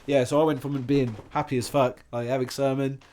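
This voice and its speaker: A man's voice: medium pitch, brisk, a little hiss or hum. A man from England telling a long, sweary anecdote as a DJ guest on a casual chat show. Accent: Bristol English. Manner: sweary, animated, acts out quoted voices.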